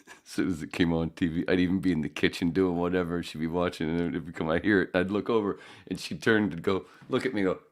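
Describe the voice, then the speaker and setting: A man's voice: sits low, fairly even intonation, quick pace. A man in his fifties hosting a podcast alone, rambling and cursing as he laughs at his own mistakes. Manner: rambling, profane, self-mocking. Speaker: podcast host. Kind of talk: casual solo podcast chat.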